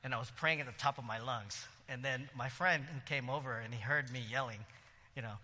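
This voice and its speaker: A man preaching a sermon in a lively, conversational way, with quick asides and laughter. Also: medium pitch, long reverb tail. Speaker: pastor.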